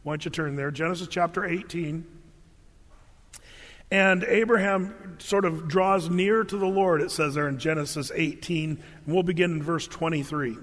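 A man preaching a sermon and reading scripture aloud, animated and humorous, briefly acting out the biblical figures in his own voice. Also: a little high, moderate pace, in a large hall. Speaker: pastor.

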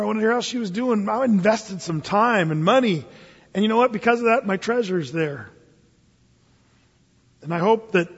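A man's voice: high voice, breathy edge. A man in his fifties preaching a sermon in a church, telling stories in a conversational way with frequent restarts. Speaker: pastor. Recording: long hall reverb, dull lo-fi sound.

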